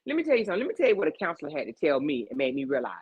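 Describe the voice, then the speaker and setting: A woman's voice: sits low, wildly swooping pitch, racing, breathy edge. Emphatic woman host, preachy heart-to-heart advice, rhetorical check-ins, muffled lo-fi recording. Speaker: podcast host. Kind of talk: casual heart-to-heart chat.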